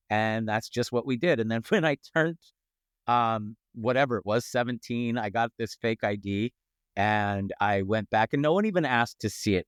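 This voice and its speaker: A middle-aged man, a comedian guest on a podcast, telling lively anecdotes and acting out what people said. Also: mid-range voice, clear, resonant tone, dry recording, clean studio sound. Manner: animated anecdotes, acts out quoted voices. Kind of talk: casual storytelling chat. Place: podcast studio.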